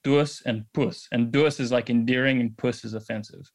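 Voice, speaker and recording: A man's voice: mid-range voice, fairly even intonation, moderate pace. A man in casual chat with bandmates, rambling and hesitant as he explains slang. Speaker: band member.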